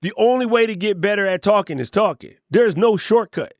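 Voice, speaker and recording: A middle-aged man giving an energetic, conversational motivational talk to camera, with playful asides. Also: high-pitched, a little fast, no room sound, clean studio sound. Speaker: YouTube creator and coach.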